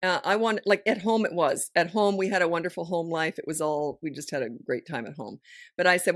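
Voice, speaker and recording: A middle-aged woman hosting a parenting podcast, talking frankly in casual chat and telling stories with quick asides. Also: fairly low pitch, dry recording, studio quality. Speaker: parenting coach and podcast host.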